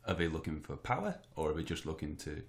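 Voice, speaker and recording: A man's voice: a bass voice, very animated, fast. A man co-hosting a casual podcast, asking follow-up questions and giving short agreeing replies. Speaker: podcast co-host, interviewer.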